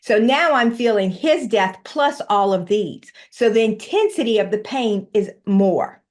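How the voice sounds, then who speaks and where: A woman's voice: medium pitch, expressive, a little slow. A woman guest in a casual interview, explaining her ideas earnestly and often checking in with "right?" and "you know". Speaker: guest, recovery teacher.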